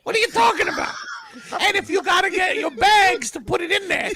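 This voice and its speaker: A man voicing a loud, scolding old Italian woman with an Italian-American accent, calling everyone stupid. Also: lively intonation, a little fast, exaggerated voice. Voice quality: gravelly, shrill. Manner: bellowing, mocking everyone as stupid. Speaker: comedian co-host.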